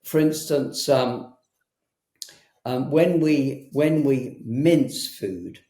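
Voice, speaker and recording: A man talking as a guest in a conversational interview, hesitant and full of pauses and restarts. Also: medium pitch, dark tone. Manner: hesitant, frequent ums and restarts. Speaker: herbalist guest. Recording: roomy echo.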